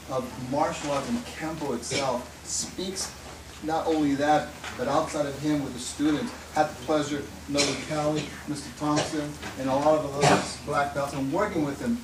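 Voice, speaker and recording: Guy giving a halting tribute speech, bit high voice, lots of room echo and background noise. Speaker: martial arts colleague giving a tribute. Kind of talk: speech at a ceremony. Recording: echoey room, far off, noisy.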